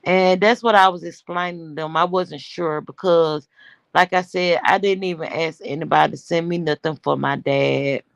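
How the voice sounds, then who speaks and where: A woman's voice: sits low, steady tone, normal speed, vocal fry, no echo. Brash, profane woman chatting to her stream. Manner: talks straight to her chat. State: winded and worn-voiced. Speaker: livestream host. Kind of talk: casual livestream chat.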